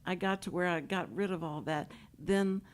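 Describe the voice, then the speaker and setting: A Houston, Texas woman hosts a talk show from a radio studio, chatting casually with guests, rambling and laughing a lot. Her voice is lowish and her speed normal.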